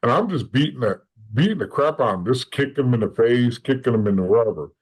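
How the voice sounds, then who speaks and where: A man's voice: mid-range voice, animated, fast talker, husky, rough recording. A man being interviewed as a podcast guest, telling a long story casually and bluntly, often restarting and repeating words. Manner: blunt and matter-of-fact.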